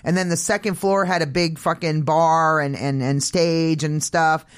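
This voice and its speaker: Middle-aged maine guy, high voice, swears a lot, rambles, laughs a bunch. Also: steady tone, a little slow, a bit bright, clean tone. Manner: profane, rambling, laughs often. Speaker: host and concert promoter. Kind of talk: casual chat.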